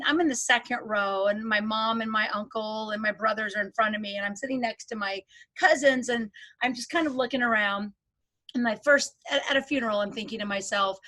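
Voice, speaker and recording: Bright, candid woman guest. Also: on the high side. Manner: candid, animated storytelling. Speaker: guest, life coach. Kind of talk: casual interview chat.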